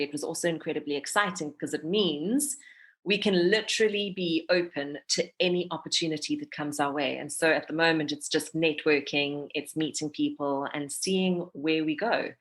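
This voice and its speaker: Guest: South African woman, thirties, low-set voice, candid and laughing. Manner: candid and expressive, laughs often. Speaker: podcast guest, radio presenter and voiceover artist. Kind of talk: casual interview chat.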